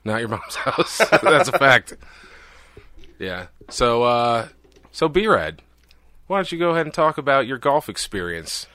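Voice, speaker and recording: Bright-voiced joking male podcast host. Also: medium pitch, very animated, unhurried, no echo. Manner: joking, boastful banter. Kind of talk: casual chat.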